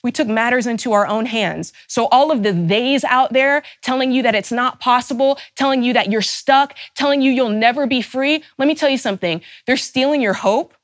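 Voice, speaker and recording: A woman's voice: a little high, normal speed, hardly any pauses, no room sound, studio quality. A woman host giving a fervent, emphatic motivational talk, stacking rhetorical questions and openly angry on her listeners' behalf. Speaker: personal finance show host.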